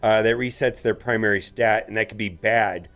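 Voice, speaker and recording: A man giving casual commentary on his own gameplay as a channel host, chatty and quick to get loudly excited. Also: fairly low pitch, soft background music. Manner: chatty, gets loudly excited over good rolls.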